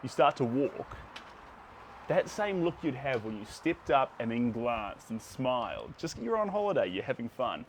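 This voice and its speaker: A man's voice: medium pitch, sing-song, normal speed, slight background noise. A man with a New Zealand accent chatting casually to his livestream viewers as he paints, greeting them by name.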